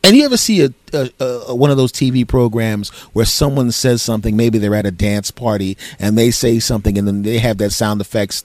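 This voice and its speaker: A male podcast host telling a comic story in a sarcastic, animated way, often breaking into loud, high impressions of his friends. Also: fairly quick, few pauses, no room sound.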